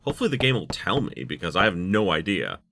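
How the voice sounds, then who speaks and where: A man's voice: sits low, sing-song, fast talker, sharp tone. A man in his thirties giving rambling let's play commentary, full of likes and you knows. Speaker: gaming YouTuber.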